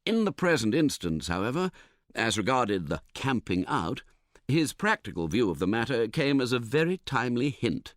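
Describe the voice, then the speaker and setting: Lively wry male audiobook narrator. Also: medium pitch, moderate pace, dry recording, clean studio sound. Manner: animated, wry storytelling. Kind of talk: scripted narration.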